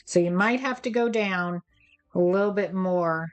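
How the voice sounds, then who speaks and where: A woman's voice: lowish voice, a little slow, clear, resonant tone, faint music behind. Chatty woman demonstrating a card craft. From United States. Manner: chatty and playful, talks to viewers, chuckles at herself. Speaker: craft tutorial host. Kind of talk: casual step-by-step craft demonstration.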